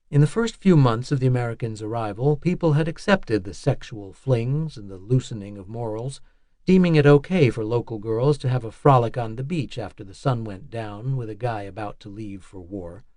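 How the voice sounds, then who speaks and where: A man reading a nonfiction audiobook in a measured, even narration style. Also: medium pitch, no room sound, studio quality.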